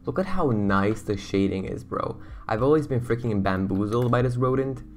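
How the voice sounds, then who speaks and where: A young man giving excitable, slangy, rambling commentary on a video game as its YouTuber host. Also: mid-range voice, moderate pace, soft background music. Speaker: gaming YouTuber. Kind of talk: casual gameplay commentary.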